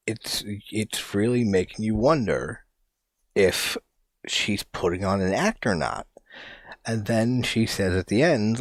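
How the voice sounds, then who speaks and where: A man's voice: low voice, no echo. A young man hosting a podcast, reviewing a film in a loose, rambling way with lots of "like" and casual swearing. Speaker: podcast host.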